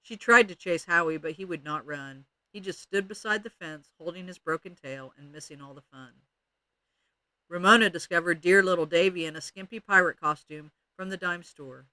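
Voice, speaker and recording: A man's voice: high-pitched, moderate pace, pushed and bright, no room sound. A man expressively reading a children's chapter book aloud. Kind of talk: read-aloud storytelling.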